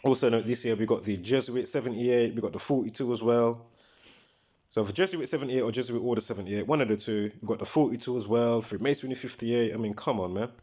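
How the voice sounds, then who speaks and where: A man's voice: mid-range voice, fast, a little mellow, a little hiss or hum. A man hosting a casual livestream, talking in a rambling, emphatic way and breaking off mid-thought to recall details. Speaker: livestream host.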